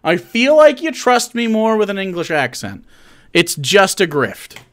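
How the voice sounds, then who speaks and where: A man's voice: high voice, very animated, a little slow. A man streaming live and commenting casually, chatty and mocking, often laughing and restarting his sentences.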